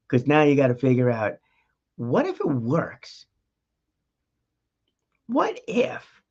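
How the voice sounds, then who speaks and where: A man's voice: mid-range voice, lo-fi sound. A man hosting a talk show, giving an emphatic motivational monologue straight to the listener in a coaching tone. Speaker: podcast host.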